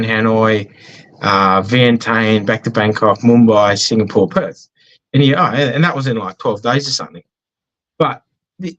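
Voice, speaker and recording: Australian businessman guest, mid-pitched, chatty and self-deprecating, slightly muffled recording. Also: fairly bright tone. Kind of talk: casual conversational interview.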